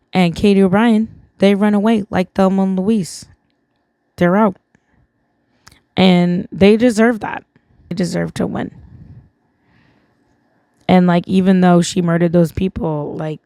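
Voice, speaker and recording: A woman's voice: mid-range voice, warm tone, no room sound. A woman hosting a vlog, tipsy and rambling through a casual film recap, leaning on "like" again and again. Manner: rambling, heavy use of "like". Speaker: vlog host.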